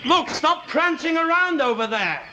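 An actor playing a bossy, exasperated young space traveller in a 1960s TV drama, firing off incredulous, scolding questions. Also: male voice, very high voice, very animated, normal speed, bright, forceful tone, slight background noise, exaggerated voice. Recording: old TV soundtrack with birdsong.

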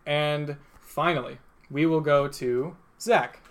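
A man's voice: on the high side, takes it slowly. A young man narrating as game master, rambling with many fillers and chuckling as he goes.

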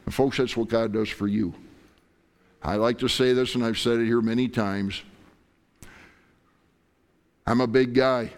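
A middle-aged male pastor delivering an impassioned sermon. His voice sits at an ordinary middle pitch, and he swings between quiet, tender asides and loud, rising declarations as he acts out prayers and God's replies. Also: steady tone, measured pace, long pauses. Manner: impassioned preaching, acting out prayers and God's words.

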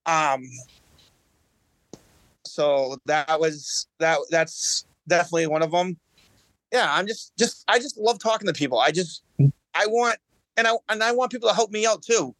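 Pitched high and moving at a moderate pace, this man pauses often and sounds fairly bright, with no room sound. As a bowling champion guest on a relaxed podcast, he earnestly tells his story, frequently restarting and repeating words.

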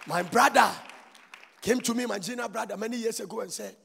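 A man with a Ghanaian English accent preaching a sermon as a prophet to his congregation. He swings from shouted declarations to hushed asides. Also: high-pitched, brisk, vocal fry, some chatter behind, a little hiss or hum. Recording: long hall reverb.

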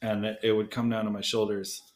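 A man's voice: on the low side, little pitch movement, brisk, crowd noise. A man in his thirties co-hosting a podcast, chatting casually, laughing often and teasing his friend. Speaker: podcast co-host. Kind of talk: casual chat.

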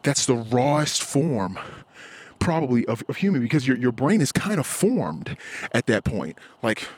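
A man's voice: medium pitch, big pitch swings, a little slow, breathy edge, no echo. A man hosting a casual solo podcast while walking outdoors, rambling and profane, sometimes acting out the voices of the people he talks about. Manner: acts out quoted voices. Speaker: podcast host. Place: outdoors, walking in a cul-de-sac.

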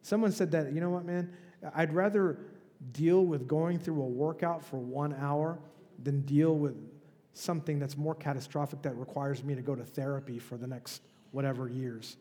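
A man's voice: fairly high pitch, steady tone, normal speed, dark tone, in a large hall. A male pastor preaching a sermon in a conversational, emphatic way, with rhetorical questions. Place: church.

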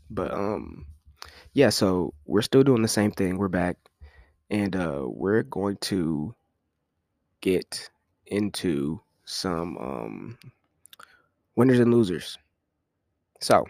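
A man with a low, deep voice hosts a solo podcast and talks straight to his listeners. He jokes, uses slang and breaks into laughter often. His voice is dry and close, with no room sound around it. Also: slow, gravelly, long pauses, no room sound. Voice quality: relaxed, joking, slangy. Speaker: podcast host. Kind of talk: casual solo podcast chat.

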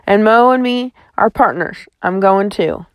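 Quiet young boy, woman reads him, gentle, audiobook, dry mic. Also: medium pitch, unhurried, no echo, close to an everyday voice. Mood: soft. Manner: soft. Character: young boy, soft-spoken and loyal. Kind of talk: audiobook reading.

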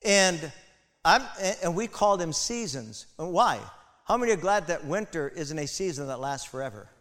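Male pastor, fairly high voice, impassioned sermon delivery, long church-hall reverb. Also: expressive, normal speed. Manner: impassioned, builds to loud emphatic peaks, asides to congregation.

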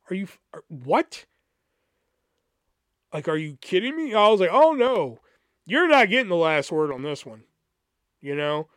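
A man's voice: on the high side, no echo, studio quality. A man hosting a podcast, telling a personal story in a casual, rambling, profane way and acting out what others said. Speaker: podcast host.

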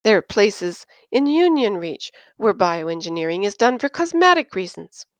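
A woman reading aloud and voicing Christine, a naive, tearful young woman who pleads in a high, slow voice. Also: very animated, no echo, natural voice. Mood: indignant.

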